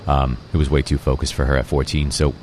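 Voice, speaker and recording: A man in his forties, a restaurant owner, talking about his path in a relaxed, reflective casual interview, with many fillers. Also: extremely low pitch, fast talker, a little hiss or hum.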